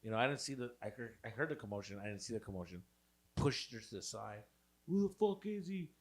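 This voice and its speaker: A man's voice: lowish voice, quick pace. A young man co-hosting a podcast, telling a wild story in casual, profane chat and acting out the people in it. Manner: animated, profane, acts out voices in quotes. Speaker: podcast co-host.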